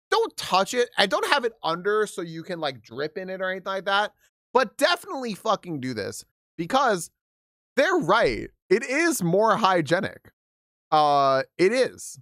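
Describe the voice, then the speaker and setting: A man's voice: medium pitch, fairly bright tone, no room sound, studio quality. A man streaming casually, reading comments aloud with frequent laughs, swearing and rambling restarts.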